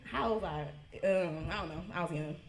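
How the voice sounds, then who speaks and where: A woman, telling a funny story at a birthday party, lively and laughing. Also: fairly low pitch, normal speed, vocal fry. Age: 20s. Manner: lively, laughing, acts out quotes. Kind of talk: storytelling toast. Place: party hall, indoors. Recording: echoey room.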